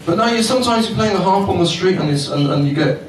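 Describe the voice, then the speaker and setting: A man's voice: high-pitched, lively intonation, fast talker. A middle-aged man hosting a comedy club night, working the crowd in a cheeky, swearing stand-up manner. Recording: echoey club from far off, noisy.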